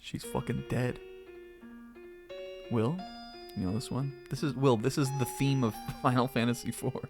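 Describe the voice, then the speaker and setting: A man's voice: medium pitch, steady tone, measured pace, long pauses, over music. A man streaming a game, giving casual commentary with lots of laughter, jokes and swearing. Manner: laughing, joking, swears freely. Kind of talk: casual let's-play commentary.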